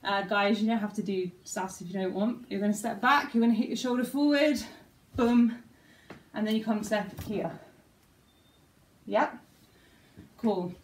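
A woman's voice: mid-range voice, unhurried, pauses often, echoey room, recorded from a distance, low-quality recording. A young woman teaching a dance routine at home, counting and scatting the moves aloud. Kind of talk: talking through a dance routine. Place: top-floor flat.

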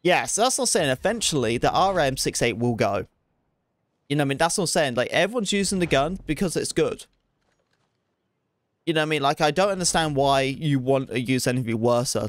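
A man's voice: mid-range voice, a little fast, no room sound. A man streaming a shooter game, chatting casually and rambling, poking fun at his own play. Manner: chatty, rambling, self-deprecating, excitable. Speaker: gaming streamer. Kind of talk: casual gameplay commentary.

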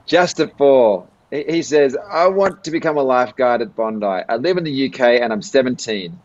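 A man's voice: medium pitch, moderate pace, dull audio. A man with an Australian accent hosting a live stream chat and reading out viewer comments. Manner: relaxed, reads out fan messages. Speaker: host.

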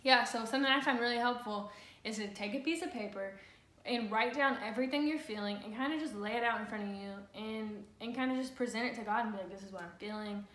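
A woman's voice: on the high side, fast, fairly bright tone. A woman co-hosting a casual talk on the Bible, chatty and full of fillers and restarts. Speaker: co-host. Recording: echoey room.

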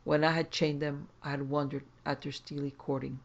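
A man reading a classic horror story aloud in measured, scripted first-person narration. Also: a little high, little pitch movement, creaky, dull audio.

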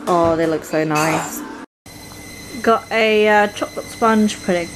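A woman in her twenties with an English accent, chatting casually to her camera at home as a vlogger, soft-spoken and rambling with lots of fillers. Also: mid-range voice, slow pace, background noise. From England. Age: 20s. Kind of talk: casual vlog chat. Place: at home, indoors. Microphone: handheld compact camera.

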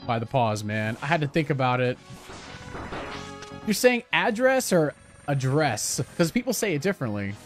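A man's voice: mid-range voice, sing-song, a little fast, long pauses, music in the background. Chatty man streaming a game. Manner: chatty, reacting to gameplay and reading chat aloud. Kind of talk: casual livestream chat.

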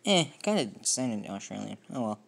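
A man's voice: mid-range voice, lively intonation, unhurried. Rambling, self-deprecating young-sounding vlogger guy. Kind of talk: casual video monologue.

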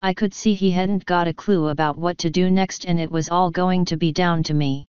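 A woman's voice: lowish voice, fairly even intonation, moderate pace, darkish tone, clean tone, no echo, highs cut off, natural voice. Woman doing a folksy old midwife, earthy and shrewd. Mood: earthy, knowing. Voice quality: dropped g's, folksy rural speech.

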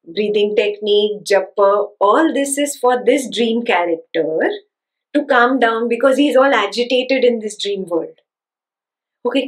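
This woman speaks in a mid-range voice, and the recording is rough. She is delivering a spiritual teaching, hammering her key ideas through repetition and emphasis. Rhetorical questions keep checking that her audience is with her.

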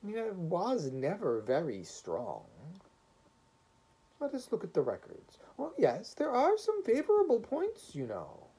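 A man reading the part of a gentle yet firm official, hopeful and sad, in a storybook reading, with a husky voice. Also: high voice, wildly swooping pitch, slow pace, voice pushed up, full character voice, rough recording. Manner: gentle but firm, authoritative.

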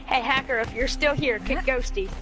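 Excitable high-voiced woman gamer. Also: music in the background, rough recording. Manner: excited, joking, quick to react. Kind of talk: casual gaming voice chat.

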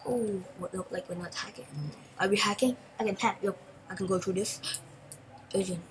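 A woman hosting a gaming channel, giving chatty, excitable gameplay commentary in broken English and repeating phrases. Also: mid-range voice, a little fast, slight background noise, low-quality recording.

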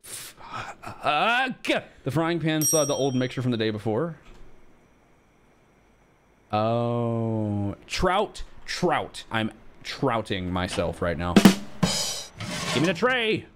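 Young male streamer, frantic and sweary, pitch swinging all over, noisy home recording. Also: extremely slow, long pauses. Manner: frantic, swings from mock-calm to high panicked yelps, swears a lot. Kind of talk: live gameplay commentary.

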